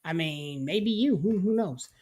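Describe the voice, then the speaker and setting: A woman's voice: on the low side, lively intonation, a little slow, darkish tone. A woman co-hosting a casual wrestling podcast, playful and stammering, tossing out jokey protests. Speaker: podcast co-host. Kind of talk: casual chat reacting to wrestling.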